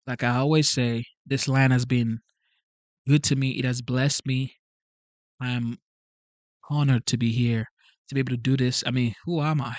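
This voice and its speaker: A man's voice: mid-range voice, dry recording. A man who came to the country as an immigrant, hosting a casual livestream, speaking in an earnest, pleading way and repeating himself. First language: not English. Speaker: channel host reading live chat.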